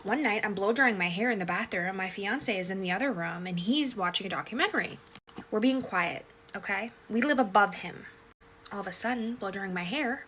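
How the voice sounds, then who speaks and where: A woman's voice: medium pitch, fairly quick, a bit bright, slight background noise. A young woman telling a storytime in a sassy, casual way, swearing freely and acting out her own reactions.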